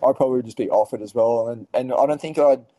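A man's voice: mid-range voice, fast talker, warm tone, no echo, low-quality recording. An Australian man, a podcast guest, telling a story casually with lots of fillers and swearing. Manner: laid-back, swears freely, lots of fillers.

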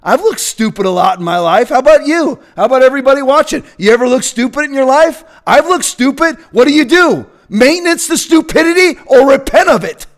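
A man's voice: very high voice, lively intonation, brisk, few pauses. A man delivering an emphatic, combative political opinion rant. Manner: combative, emphatic, bursts into shouting. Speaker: political commentator.

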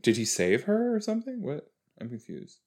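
A man's voice: a little high, huge pitch swings, moderate pace. A man hosting a podcast, reacting casually to a TV episode, chatty and rambling, often cutting himself off with exclamations. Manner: chatty, rambling, exclaiming with frequent self-interruptions.

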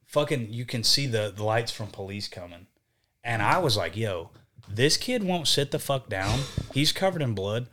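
A man's voice: medium pitch, moderate pace. A young man, a band vocalist, telling a road story in casual podcast chat, cursing freely and acting out what people said. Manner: profane, animated, acts out quotes.

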